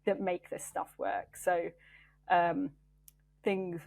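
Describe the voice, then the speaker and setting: A woman's voice: on the low side, steady tone, takes it slowly, vocal fry, darkish tone. A woman engineering manager talking in an interview, thoughtful and loose, with many fillers and restarts. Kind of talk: interview conversation.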